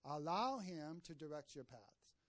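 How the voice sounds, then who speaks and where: High-voiced preacher calling for amens. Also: male voice, expressive, a little slow, no room sound. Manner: call-and-response, asks the congregation for amens; tells jokes and stories mid-sermon. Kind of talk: sermon.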